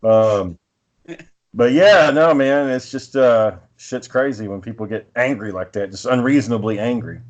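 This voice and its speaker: A man of middle pitch spins a loose, swearing story in an easygoing chat. The sound is a bit dull and lo-fi. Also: a little slow. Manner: profane, rambling, laid-back. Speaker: podcast co-host.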